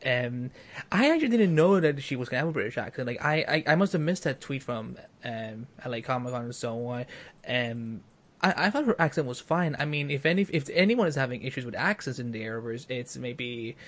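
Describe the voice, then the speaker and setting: A man's voice: mid-range voice, animated, brisk, fairly bright tone. A man co-hosting a casual podcast chat, talking in a rambling way full of fillers and restarts. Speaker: podcast co-host.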